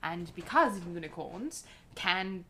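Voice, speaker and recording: A woman's voice: lowish voice, animated, takes it slowly, fairly bright tone, a little hiss or hum. A woman voicing a formal, courteous adventurer who bargains with ornate, hesitant politeness. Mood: earnest. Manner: flowery, overly polite speech with many hesitations.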